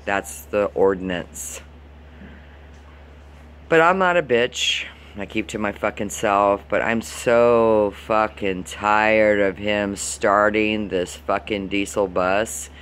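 A man's voice: on the low side, fairly bright tone, slight background noise. A man from Florida ranting to the camera, swearing constantly and sounding fed up as he complains. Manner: profane, exasperated, heated complaining. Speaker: vlogger. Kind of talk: angry venting rant to camera.

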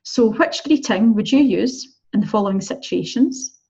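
A woman teaching a beginner Spanish lesson in a chatty, encouraging way, slowing down to model pronunciations and checking in with "okay?". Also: a little high, animated, warm tone, breathy edge, lo-fi sound. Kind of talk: recorded online language lesson.

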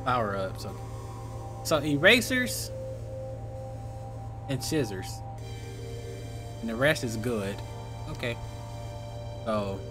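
Man, gaming commentary, crude joking banter, animated voice, game music behind. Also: mid-range voice, slow, pauses often. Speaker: gaming youtuber. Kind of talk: casual gameplay commentary.

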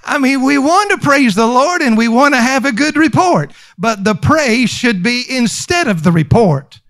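A man's voice: very high-pitched, expressive, normal speed, a bit bright, no echo. A man preaching a sermon as pastor, emphatic and conversational, repeating lines for stress. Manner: conversational with fillers and restarts.

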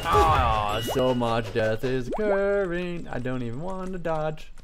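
A man giving lively let's-play commentary, taunting game enemies and joking as he fights. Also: mid-range voice, takes it slowly, soft background music. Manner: excitable, taunting enemies aloud. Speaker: gaming channel host.

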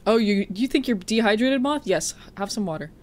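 A woman's voice: medium pitch, expressive, brisk, darkish tone. A woman streaming a game live, chatting casually with viewers, greeting them by name and teasing them with frequent laughs. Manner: playful teasing. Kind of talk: casual live-stream chat while gaming.

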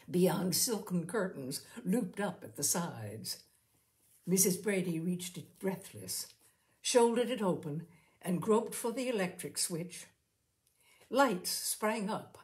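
Woman reading a story out loud, slow and lively, voice rises and falls a lot. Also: mid-range voice. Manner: unhurried, expressive storytelling. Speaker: story reader and podcast host. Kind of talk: scripted narration of a short story.

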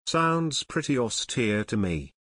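A man's voice: mid-range voice, sing-song, takes it slowly, fairly bright tone, slightly rough, dry recording, clean studio sound, heavily acted. A man voicing a friendly, curious teenage boy detective.

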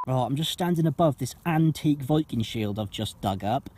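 A man, co-host of a metal detecting vlog, telling mock-excited silly stories out in a field. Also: medium pitch, moderate pace, few pauses, a little hiss or hum. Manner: lively mock-excited storytelling. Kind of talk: jokey banter. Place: open field outdoors.

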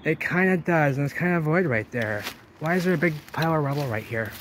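A man exploring ruins outdoors, rambling and thinking aloud to his camera and getting excited as he finds things. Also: a little high, quick pace. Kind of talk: casual exploring vlog. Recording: noisy outdoor camera audio.

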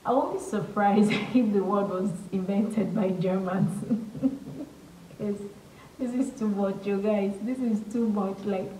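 A woman's voice: medium pitch, takes it slowly, recorded from a distance, slight background noise. Gushing woman reacting in an echoey room. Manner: excitable, gushing exclamations; earnest, emotional musing. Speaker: reaction video host. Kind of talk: reaction video commentary. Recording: echoey room, voice a bit off-mic, faint music.

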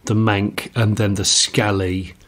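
A man's voice: lowish voice, flat delivery, slow pace, fairly bright tone. A man co-hosting a podcast, chatting casually in a musing, rambling way with frequent restarts. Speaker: podcast co-host. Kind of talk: casual chat.

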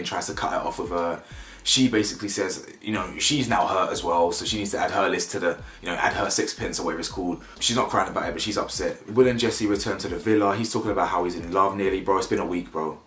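Young man, low voice, slang-heavy opinionated recap, roomy echo. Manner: animated slang-heavy banter, mocking impressions. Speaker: reality show reviewer.

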